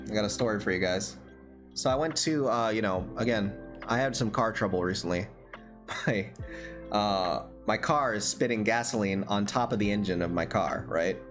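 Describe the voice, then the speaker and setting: A young man hosting a livestream who tells stories casually, laughs often and swears freely. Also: on the low side. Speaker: livestream host. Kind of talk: casual storytelling chat.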